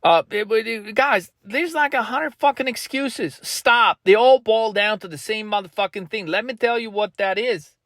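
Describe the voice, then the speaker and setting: A man with a high voice delivers a blunt, pushy motivational rant as a trading coach. He swears constantly. The sound is dry and close, with no room echo. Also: normal speed, hardly any pauses, a bit bright. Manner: blunt, heavily profane, pushy.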